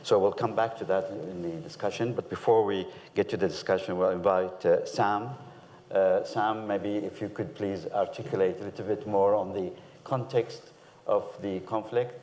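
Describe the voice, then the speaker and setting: A man with a very deep voice chairing a panel discussion, polite and gracious with frequent hesitant fillers. His voice rings with a long reverb, as in a large hall. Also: fairly even intonation, moderate pace, a little mellow. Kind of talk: moderating a panel.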